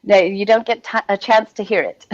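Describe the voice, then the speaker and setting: A woman's voice: medium pitch, fairly even intonation, normal speed, highs cut off. A woman performer chatting casually at an online festival, laughing easily between remarks. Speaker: performer and poetry reader.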